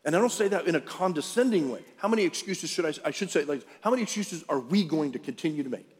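Animated and quick, a pastor with a slightly high, breathy voice preaches to a congregation. He stays chatty and direct, quizzing the room; the recording has the reverberant hall of a large church auditorium and faint music.

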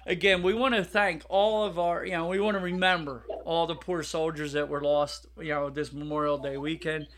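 A man co-hosting a podcast in casual chat, blunt and joking, getting loud when riled. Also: a little high, fairly even intonation, normal speed. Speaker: podcast co-host.

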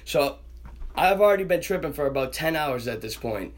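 This podcast guest is a young man whose fairly high-pitched voice holds a moderate pace. Chatting casually, he recounts a wild story, cursing constantly, animated, and performing the voices of everyone in it.

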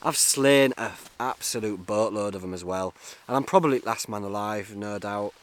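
A man's voice: fairly low pitch, normal speed, no room sound. A young man, rambling jokily through a solo podcast from inside a tent, talking into a camera-mounted mic. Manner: jokey, chatty, self-mocking. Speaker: podcast host.

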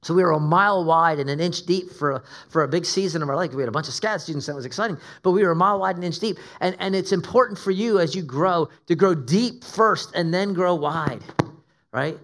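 A man's voice: on the high side, brisk, fairly bright tone. A middle-aged man preaching a sermon as a guest pastor, conversational and joking at his own expense. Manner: joking, self-deprecating, conversational.

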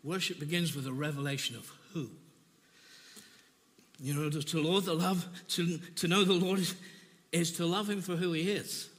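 Man preaching, earnest and emotional, bright forceful voice, somewhat high, long church reverb. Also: steady tone. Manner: earnest, emotional testimony with halting repeats. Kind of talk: sermon.

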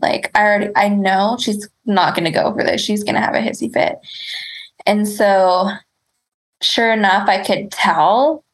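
A woman's voice: medium pitch, measured pace, rough recording. A woman telling a story in casual chat, laughing often, swearing and rambling with lots of fillers.

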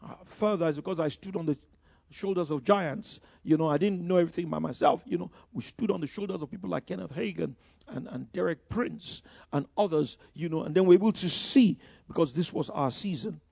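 High gravelly-voiced preacher man. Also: a little fast, a little mellow, no echo, studio quality. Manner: emphatic preaching with frequent "you know" and repeated restarts. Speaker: pastor. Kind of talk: sermon.

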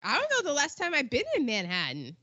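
A woman chatting casually about an old film, animated and quick to laugh, often trailing off mid-sentence. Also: high-pitched, dry recording, muffled recording.

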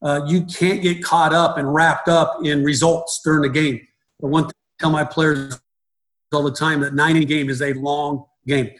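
A man's voice: on the high side, level tone, moderate pace, fairly bright tone, low-quality recording. A middle-aged man, a baseball coach, talking in an interview, rambling and restarting his sentences often. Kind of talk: conversational interview.

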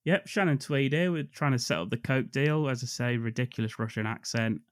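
A man's voice: medium pitch, a little fast, no room sound, studio quality. A man co-hosting a film podcast, recapping scenes in a jokey way and laughing often. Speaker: podcast co-host. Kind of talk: casual chat.

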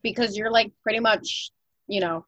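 A woman's voice: mid-range voice, normal speed, a bit bright, no echo, poor audio. A young woman co-hosting a podcast in casual chat, talking loosely with lots of "like" fillers and casual swearing. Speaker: podcast co-host.

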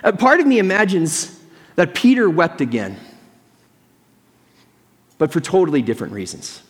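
Male pastor, earnest sermon storytelling, higher pitch, reverberant hall. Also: huge pitch swings, moderate pace. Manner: earnest storytelling, imagining inner voices. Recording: long reverb of a large hall.

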